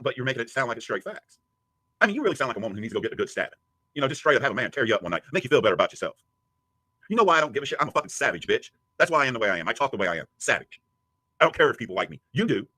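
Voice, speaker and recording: A man's voice: medium pitch, pushed and bright, no echo. A man giving a crude, taunting rant as a streamer answering a critic. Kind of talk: profane ranting commentary.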